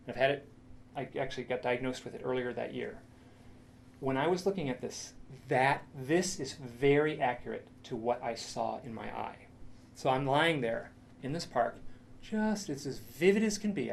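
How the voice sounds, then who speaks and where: Telling a personal tale in storyteller fashion, a middle-aged man speaks in a lecture room, often pausing, starting over and repeating phrases, with dramatic quoted asides. His mid-pitched voice has a gravelly, fry-tinged texture, and faint noise lingers behind it.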